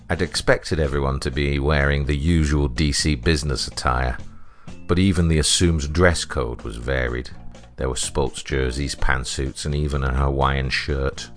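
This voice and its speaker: A man with a British accent narrating a first-person story in a dry, deadpan way. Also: extremely low pitch. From Britain.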